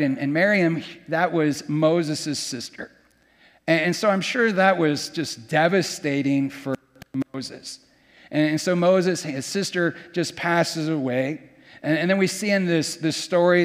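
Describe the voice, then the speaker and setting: A man's voice: fairly high pitch, long reverb tail. A male pastor preaching a sermon and reading scripture aloud, often stumbling and repeating his first words.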